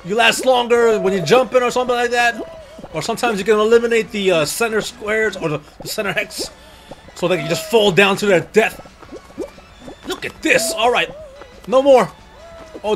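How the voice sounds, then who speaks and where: A young man commentating his own gameplay, excitable, cursing and often yelling at the game. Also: high-pitched. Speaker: gaming YouTuber. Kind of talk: excited let's-play commentary.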